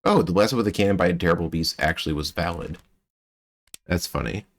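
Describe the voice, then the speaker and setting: A man streaming a mystery game, thinking aloud and chatting with his viewers in a relaxed way. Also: low voice, brisk. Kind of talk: casual gameplay commentary.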